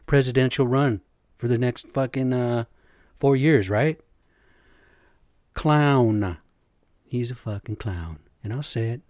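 A man's voice: medium pitch, darkish tone, no room sound, clean studio sound. A middle-aged man hosting a solo podcast, ranting bluntly and profanely in an exasperated way, talking straight to his listeners. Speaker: podcast host. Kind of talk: opinionated solo podcast rant.

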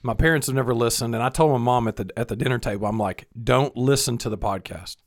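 A man's voice: medium pitch, fast. A middle-aged man co-hosting a podcast, telling stories in casual, profane chat. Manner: animated storyteller, swears freely. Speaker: podcast co-host.

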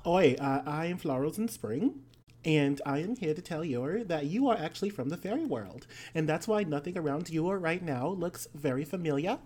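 A quirky fairy stranger who delivers strange news brightly and briskly, with a louder, lifted voice, as a player puts it on. The tone is cheerful and chatty. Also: medium pitch, expressive, breathy edge, voice pushed up. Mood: chirpy.

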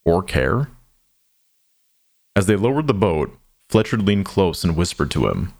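A man narrating an audio drama with a low, deep voice. His delivery is measured and somber, taking his time over each line. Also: very animated, darkish tone.

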